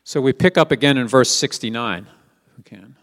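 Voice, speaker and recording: Preaching in a large hall, a Messianic teacher reads scripture and asks his listeners rhetorical questions in a conversational manner. He talks a little fast, with a medium pitch and a fairly bright tone.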